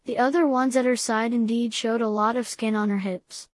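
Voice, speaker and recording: A woman narrating a first-person story in a steady, even reading voice. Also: fairly high pitch, normal speed, no room sound. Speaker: audiobook reader.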